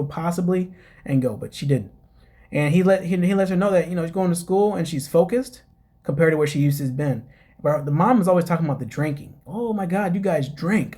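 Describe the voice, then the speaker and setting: A man's voice: fairly high pitch, a little mellow. A man hosting a casual podcast, chatting through a reality show recap, laughing and talking to his listeners. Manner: chatty, laughs at own jokes, addresses listeners as guys.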